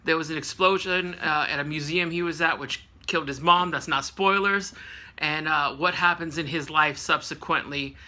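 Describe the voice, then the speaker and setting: On the high side and sharp, this late-thirties Californian's voice keeps a steady tone at normal speed. He reviews books casually on a vlog, wandering off track with plenty of fillers and corrections of himself.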